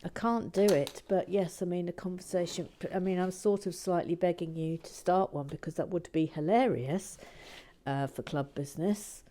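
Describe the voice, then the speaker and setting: A woman hosting a building video, chatting casually and self-mockingly, often dropping into a hushed whisper and stumbling over words. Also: on the low side, moderate pace, slight background noise. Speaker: host of a brick-building channel. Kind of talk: casual chat while building.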